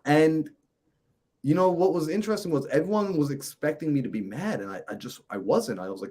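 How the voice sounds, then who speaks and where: A man, a mindset coach and podcast guest, telling a personal story in a lively way and acting out the conversations in it. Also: on the high side, fairly quick, breathy edge. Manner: lively, acts out conversations in his stories.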